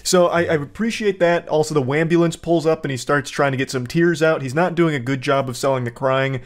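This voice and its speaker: A man hosts reaction commentary and heaps sarcastic praise, dropping the odd curse. His voice sits a little high, and he keeps his delivery deadpan. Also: brisk. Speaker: commentary host.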